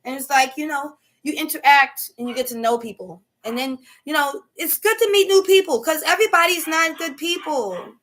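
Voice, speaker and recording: High-voiced woman giving emphatic life advice. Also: normal speed, few pauses, fairly bright tone. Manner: preachy, emphatic, keeps asking "okay?"; casual slangy speech. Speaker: host. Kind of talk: motivational live talk.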